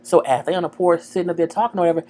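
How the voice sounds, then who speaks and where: A woman casually recapping a TV episode, slangy and animated, talking straight to her viewers. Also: on the low side, rapid-fire. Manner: animated, slangy, acts out dialogue, chats to viewers. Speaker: TV show recapper.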